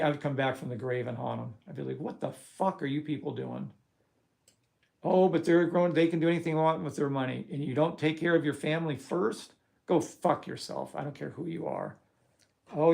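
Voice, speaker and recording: A middle-aged man hosting a live trading stream, talking bluntly and profanely and working himself up into loud rants. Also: medium pitch, gravelly. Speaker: trading course host. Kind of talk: live-stream talk to viewers.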